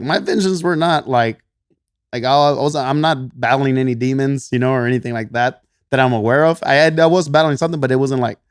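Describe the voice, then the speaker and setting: With a smooth, mid-range voice and a Texan twang, a man spins a casual story as a podcast guest. The gym coach swears, laughs often, and does animated voices when quoting himself, in a studio-quality recording without room sound.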